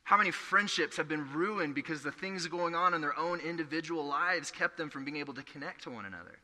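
Young male pastor, earnest storytelling sermon, bright tone, echoey church hall. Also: fairly high pitch, brisk. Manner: earnest, conversational preaching with storytelling.

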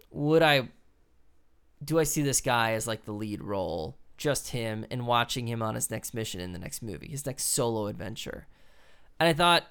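A man's voice: mid-range voice, fairly bright tone, smooth. A man in casual chat as a podcast co-host, talking in a loose, rambling way and swearing for emphasis.

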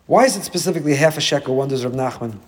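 A man's voice: medium pitch, very fast. A man teaching a Torah class as a rabbi, delivering an emphatic sermon full of rhetorical questions. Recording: long hall reverb.

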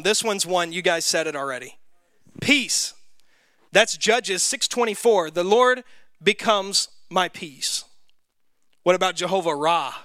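A Southern man leads a Bible study in a bright, fairly high voice, throwing questions out to the group in a relaxed, conversational way. The sound is close and dry, with no room echo. He talks plainly and is quick to admit when he might be wrong. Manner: conversational, quizzes the group, self-deprecating. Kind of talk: interactive Bible class teaching.

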